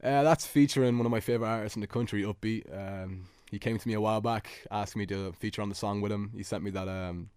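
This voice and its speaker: A man's voice: fairly low pitch, steady tone, quick pace, hardly any pauses, a little mellow, clean tone, no room sound. A man, a musician, chatting as a guest in a radio studio, easygoing, with frequent laughs and fillers. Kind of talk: casual radio interview.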